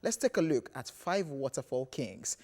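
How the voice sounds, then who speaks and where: A Nigerian man co-hosting a TV entertainment show, presenting countdown segments and joking with an expressive delivery. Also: mid-range voice, normal speed. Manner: expressive, animated, playful. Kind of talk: presenting and studio banter.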